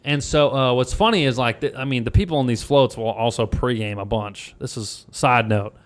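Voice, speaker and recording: A young man from Louisiana tells a story in loose, rambling podcast chat, swearing freely and leaning on fillers. His voice sits at an ordinary middle pitch. The talk stays casual and unpolished throughout. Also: moderate pace. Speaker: podcast guest comedian.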